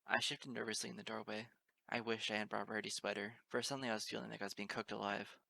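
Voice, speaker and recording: A man's voice: fairly low pitch, flat delivery, fast, vocal fry, sharp tone. A man reading a fan story aloud as narrator, in plain storytelling. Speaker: reader. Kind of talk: amateur audiobook narration.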